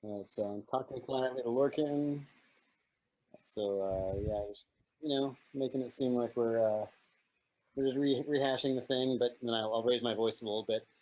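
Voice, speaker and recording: A man at a game table halts over his words as he sets up a move. Then he argues his character's side in a plain, mid-pitched voice. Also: fairly even intonation, moderate pace, dark tone, poor audio. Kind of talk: casual role-play at the table.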